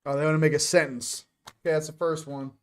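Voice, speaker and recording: A man's voice: on the high side, level tone, fast talker. A man hosting a casual morning chat, joking and rambling as he goes. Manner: joking, rambling, self-interrupting. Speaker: host.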